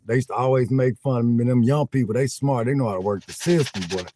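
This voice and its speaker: An older man chats casually to his viewers in an animated, laughing way, often repeating himself. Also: mid-range voice, fairly quick. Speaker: vlogger livestreaming. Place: inside a van.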